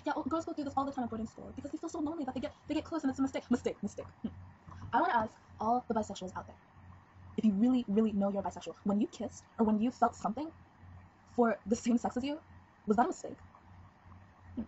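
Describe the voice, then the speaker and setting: A woman's voice: on the high side, fast, long pauses, warm tone. A seventeen-year-old girl talking frankly in a casual confessional vlog, rambling and giggly. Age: teens. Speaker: vlogger. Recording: dull lo-fi webcam audio with faint noise.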